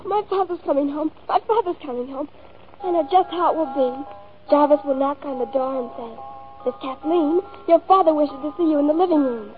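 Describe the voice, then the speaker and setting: A woman's voice: high-pitched, brisk, lightly acted. An actress playing a lonely, imaginative fifteen-year-old girl who is dreamy and precocious, in an old film. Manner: dreamy and precocious, pert when cornered. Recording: tinny lo-fi old film soundtrack, faint music.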